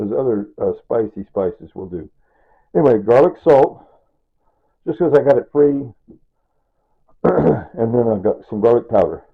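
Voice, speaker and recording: Stirring up a stew for his cooking vlog, a man in his sixties keeps up a casual, rambling demonstration full of asides, laughing at his own jokes. His mid-range voice is gravelly with a breathy edge, heard through tinny, phone-like audio.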